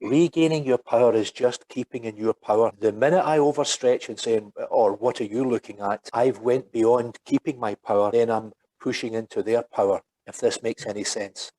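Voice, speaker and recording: A man's voice: medium pitch, moderate pace, hardly any pauses, dark tone, low-quality recording. A Scottish man in his seventies, a podcast guest telling a story in a reflective, step-by-step way and checking in with his listener. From Scotland. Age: 70s. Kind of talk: conversational storytelling.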